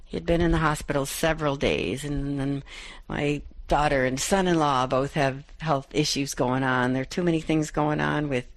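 A woman's voice: low voice, fairly even intonation, moderate pace, no echo. Reflective woman host of a devotional show. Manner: reflective, rereads scripture verses aloud. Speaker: Catholic radio host.

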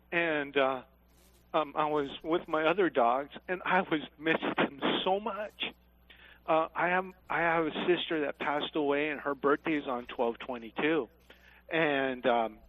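A man calling in to a radio talk show, speaking haltingly with many fillers. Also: medium pitch, no room sound, narrow, tinny audio. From Texas. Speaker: caller. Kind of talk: call-in radio caller.

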